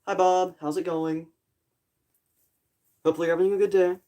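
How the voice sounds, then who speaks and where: A man's voice: sits high, little pitch movement, moderate pace, warm tone. A young man chatting casually to viewers on a live stream, rambling and apologetic, with a groggy morning voice. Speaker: livestreamer. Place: home in a rural area.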